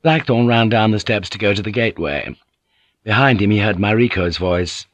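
A man narrating an audiobook in a measured, even storytelling manner. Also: fairly low pitch, no echo. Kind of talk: scripted narration.

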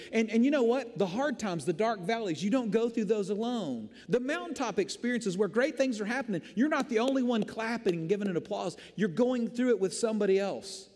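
A male pastor telling a story from the pulpit with self-deprecating humor. His voice sits fairly high and he often restarts and repeats words. Long reverb from the church hall trails behind him. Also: a little mellow. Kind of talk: storytelling sermon.

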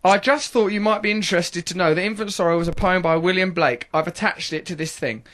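A man hosting a comic radio show, playful and mocking, with sudden shouted outbursts. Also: high-pitched, quick pace. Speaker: radio host. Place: radio studio.

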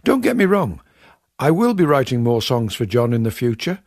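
A man hosting a comic radio show, speaking in a wry, confiding and self-mocking monologue with a raspy voice. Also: mid-range voice, very animated, normal speed, a little mellow, no room sound, clean studio sound. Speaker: comedian and radio show host. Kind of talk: scripted comic monologue to audience.

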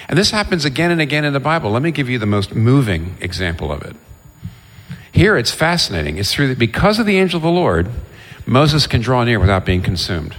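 A man preaching a sermon, telling Bible stories in an animated way and acting out the characters' exchanges. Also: mid-range voice. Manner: animated storytelling, voices the biblical figures. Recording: long reverb of a large hall.

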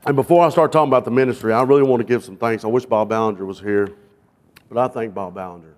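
A man's voice: medium pitch, fast talker, a little mellow. A man from South Arkansas, a guest jail minister giving a sermon testimony with humorous stories. He talks in a folksy, self-deprecating way with frequent fillers. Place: church.

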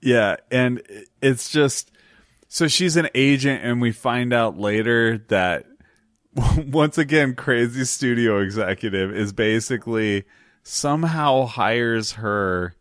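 A man's voice: medium pitch, slow pace, dry recording, studio quality. A man co-hosting a podcast in casual chat, laughing often and telling stories with energy. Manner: laughs often, animated storytelling. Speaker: podcast co-host.

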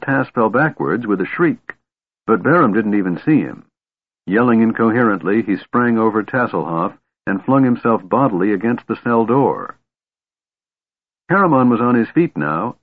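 A man reads a fantasy story in a measured, steady way, his low voice somewhat husky. The recording is dry and closely miked, with a thin, phone-like band that cuts the lows and highs. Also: dry recording. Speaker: audiobook narrator. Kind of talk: scripted fantasy narration. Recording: tinny narrow-band recording.

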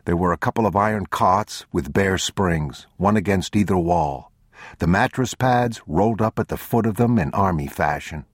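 An extremely deep, husky male narrator reads a story slowly and gravely, taking his time over every phrase. The sound is dry and close, straight into a studio microphone. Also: dry recording. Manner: measured, grave, unhurried. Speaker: audiobook narrator. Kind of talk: scripted narration.

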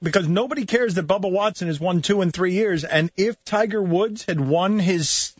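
A man's voice: high-pitched, moderate pace, breathy edge, dry recording. A man hosting a sports radio show, probing and teasing his co-host. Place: radio studio. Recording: dull studio audio.

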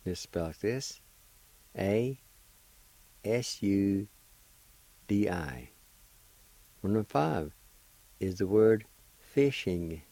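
A man's voice: lowish voice, expressive, drawn-out words, pauses often, dark tone, no echo, poor audio. A man hosting a radio language lesson, patiently spelling and pronouncing each word syllable by syllable. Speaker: radio host teaching Cherokee words. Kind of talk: slow spelling and pronunciation lesson.

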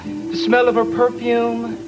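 A man playing a heartbroken, volatile male pop star in a TV sketch, with a high breathy put-on voice over background music. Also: monotone, takes it slowly, low-quality recording. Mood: mournful. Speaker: sketch character. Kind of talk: TV sketch comedy.

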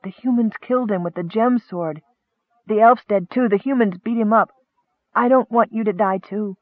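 A man's voice: high voice, moderate pace, no room sound, narrow, tinny audio, pitched above the performer's own voice, natural voice. A man voicing a tearful young male kender, pleading, his voice breaking. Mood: grieving.

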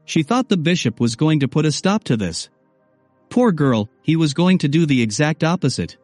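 A man's voice: fairly high pitch, very animated, moderate pace, a little mellow, dry recording, soft background music. A man narrating a first-person novel in a wry, sardonic way. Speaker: audiobook narrator.

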